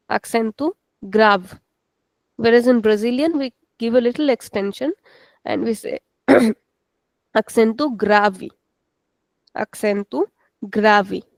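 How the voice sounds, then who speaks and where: Explaining step by step and checking in with "okay," a woman teaches a language lesson, slipping into Hindi for explanations. Her voice is on the high side and a little mellow, and the recording is dry.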